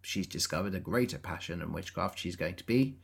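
A woman's voice: rumbling low, animated, a little fast, gravelly, slightly rough. A woman co-hosting a podcast, chatting casually about a film with sarcastic asides. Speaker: podcast co-host.

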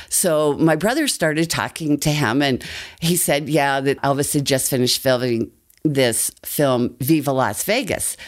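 An older woman telling a personal story as a guest, in an animated, breathless way. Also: low voice. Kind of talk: personal anecdote.

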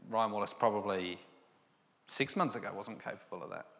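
A man's voice: lowish voice, fairly quick, creaky, a bit bright. A man giving a personal Christian testimony, storytelling and acting out the dialogue. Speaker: Christian speaker sharing testimony. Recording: long hall reverb.

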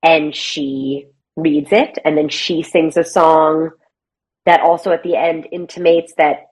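A woman guest talks in a relaxed, conversational way. Her voice sits a touch low, and she is animated and chatty, tossing in quick mimicked lines as she retells a story. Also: rough recording. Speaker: guest, playwright and actor. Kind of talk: casual conversational interview.

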